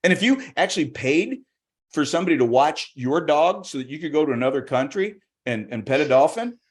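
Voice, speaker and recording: A man's voice: a little high, sing-song, fairly quick, slightly rough. A man doing stand-up comedy on a video call, chatty and rambling, with plenty of restarts and put-on voices. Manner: chatty, rambling, self-interrupting, acts out voices. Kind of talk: stand-up comedy on a virtual show.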